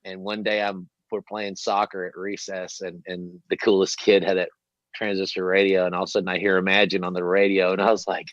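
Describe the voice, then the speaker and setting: A man hosting an interview, telling a long story in a rambling, animated way and swearing freely. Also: low-pitched, fairly quick, dry recording. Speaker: host. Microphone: headset. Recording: dull lo-fi dry sound.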